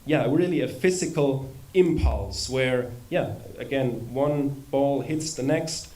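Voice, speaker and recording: Man giving a relaxed temple lecture. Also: mid-range voice, a little slow, few pauses. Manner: conversational, with humorous asides and rhetorical questions. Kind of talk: informal spiritual lecture. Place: temple hall with a live audience.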